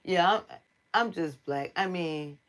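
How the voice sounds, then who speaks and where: A woman's voice: on the low side, slow, a bit bright. Blunt, profane American woman livestreaming. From United States. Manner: chatty, speaks straight to her viewers. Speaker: livestream host. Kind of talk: casual livestream commentary.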